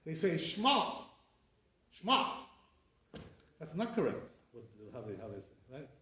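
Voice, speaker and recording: Speaking fairly quickly in a medium-pitched, slightly mellow voice with big swings in pitch, a rabbi gives a casual classroom lecture to a live audience. He keeps tossing in "right?" while demonstrating incorrect and correct pronunciations. The mic sits far off in an echoey room.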